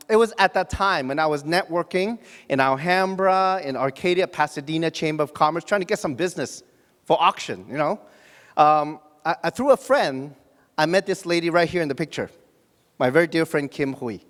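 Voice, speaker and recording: High-voiced man working a crowd. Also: moderate pace, a bit bright. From Hong Kong. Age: 40s. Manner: joking, asks the audience questions, frequent restarts and fillers. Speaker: motivational speaker at a business event. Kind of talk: motivational stage talk. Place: large hall before an audience. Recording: reverberant hall.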